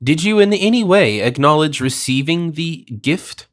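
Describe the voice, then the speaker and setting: A man's voice: fairly high pitch, animated, normal speed, pitched above the performer's own voice, close to an everyday voice. Guy doing a cool precise detective, bossy questions, voice lifted a little. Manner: precise and commanding. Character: sharp, composed male detective.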